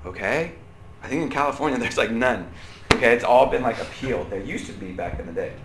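A man preaching a sermon to a room, animated, swinging from loud outbursts to quiet asides and asking the audience questions. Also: medium pitch, fairly quick, roomy sound, background noise. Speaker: pastor.

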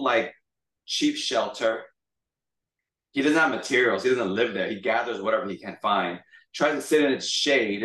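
Picked up by a far-off microphone in an echoing room, a male pastor with a lowish voice preaches a relaxed, lively sermon. He retells a story as if simply chatting with listeners.

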